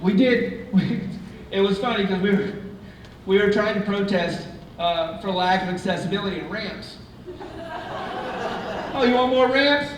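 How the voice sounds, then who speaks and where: High-pitched guy doing a stand-up set, booming theatre echo, room hum behind. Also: steady tone, normal speed. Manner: chatty, self-mocking storytelling. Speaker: stand-up comedian. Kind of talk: live stand-up routine. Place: theatre stage. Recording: echoey theatre from far off.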